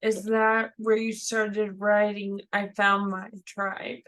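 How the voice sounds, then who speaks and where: A woman moderating a Q&A over a video call, reading out audience questions in a measured, friendly way. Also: medium pitch, flat delivery, fairly bright tone, rough recording.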